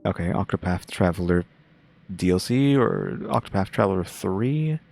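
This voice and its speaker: A young man hosting his own channel, giving laid-back, monotone reaction commentary. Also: deep voice, moderate pace, gravelly, soft background music. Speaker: channel host reacting to a game showcase.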